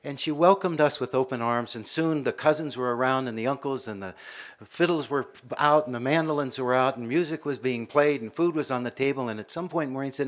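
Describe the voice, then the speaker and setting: An American man in his sixties, a university professor giving a public lecture with measured storytelling. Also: mid-range voice, fairly bright tone. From United States. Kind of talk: public lecture with personal stories.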